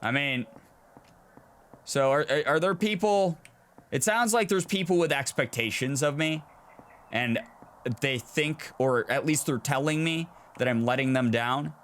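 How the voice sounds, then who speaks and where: A young man hosting a gameplay video, thinking aloud in an animated and reflective way as he plays. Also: fairly high pitch, a little slow. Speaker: gaming video host. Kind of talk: let's play commentary.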